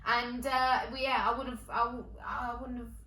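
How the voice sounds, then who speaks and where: A woman performs a confessional comedy monologue from her sofa, candid and chatty with plenty of swearing. Her voice is bright and forward, picked up a little away from the mic in an echoey room. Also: fairly high pitch, little pitch movement, moderate pace, far from the mic. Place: at home on a sofa.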